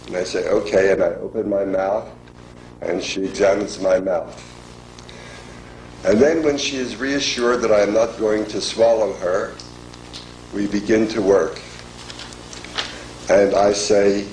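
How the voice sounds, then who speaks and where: An older man giving a formal lecture, speaking in a measured, deliberate way with many pauses. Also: fairly low pitch, darkish tone, a little hiss or hum. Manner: measured, deliberate, pausing often. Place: lecture hall. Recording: echoey lecture hall.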